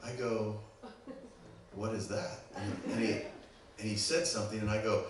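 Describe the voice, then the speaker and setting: A man's voice: fairly low pitch, a little slow. A man from Pittsburgh with a Pittsburgh accent, a guest preacher telling a story in a sermon and checking in with the congregation often. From Pittsburgh, USA. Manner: animated, keeps checking in with the audience. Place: church sanctuary. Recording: very echoey church, distant mic, background noise.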